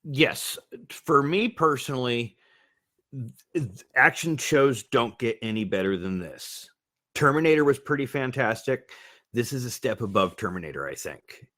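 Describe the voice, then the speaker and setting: A man's voice: medium pitch, animated, unhurried, pushed and bright. A man co-hosting a casual podcast chat, laughing often and retelling movie scenes. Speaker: co-host.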